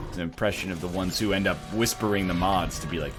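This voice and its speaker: A man hosting a let's play video, riffing with quick jokes and sarcastic asides as he plays. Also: lowish voice, soft background music. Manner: rapid joking riffs, sarcastic asides. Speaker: gaming video host.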